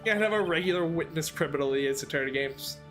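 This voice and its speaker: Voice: mid-range voice, fast, fairly bright tone, faint music behind. A let's-play commentator rambling through joking asides about a courtroom game. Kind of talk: casual gameplay commentary.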